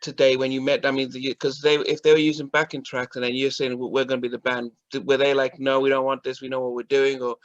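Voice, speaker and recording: A man's voice: medium pitch, level tone, quick pace, few pauses. Curious male interviewer, dull audio. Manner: curious, rambling questions with restarts. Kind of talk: casual interview questions.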